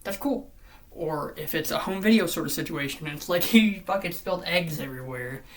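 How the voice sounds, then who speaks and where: A vlogger ranting in commentary style, swearing often and swinging between loud outbursts and hushed near-whispers. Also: medium pitch, brisk, slight background noise.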